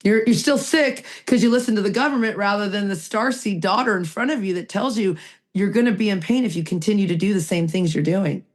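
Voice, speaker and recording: A woman's voice: medium pitch, fairly quick. A woman co-hosting a recovery podcast, talking emphatically and answering her own rhetorical questions. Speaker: podcast co-host. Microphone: video call mic.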